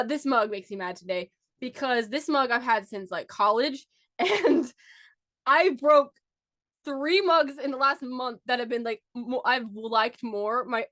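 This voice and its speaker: A young woman guesting on a podcast in casual chat, giggly and enthusiastic, quick to rant. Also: on the high side, a bit bright, no echo, clean studio sound.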